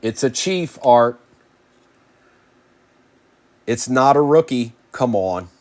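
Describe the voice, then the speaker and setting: A man hosting a live card break, rapidly calling out player names and chatting with viewers by name. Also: mid-range voice, expressive.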